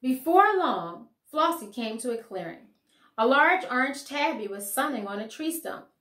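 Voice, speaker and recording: A woman teacher reading a children's story aloud with expressive storytelling, heard in an echoey room. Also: high-pitched, moderate pace.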